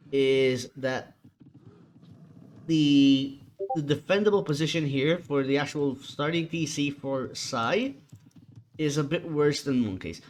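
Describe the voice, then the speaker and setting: A tired man doing chatty solo commentary on a strategy game match, relaxed and casual. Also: fairly high pitch. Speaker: esports caster.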